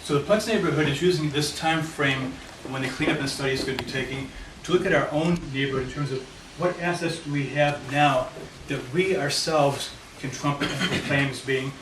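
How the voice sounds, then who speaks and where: A man's voice: mid-range voice, steady tone, brisk, few pauses. A man presenting at a committee meeting, walking listeners through a handout map of his neighborhood. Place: meeting room. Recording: echoey room, mic far off, noisy.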